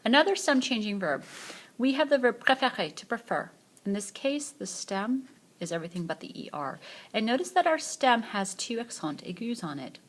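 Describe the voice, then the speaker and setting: A woman French teacher giving a screencast grammar lesson, explaining patiently and modelling phrases slowly for repetition. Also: fairly high pitch, very animated. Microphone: voice-over on a tablet screencast.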